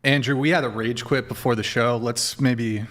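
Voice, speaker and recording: A man hosting a panel show, briskly steering questions around the table. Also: medium pitch, steady tone, a bit bright. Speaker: host.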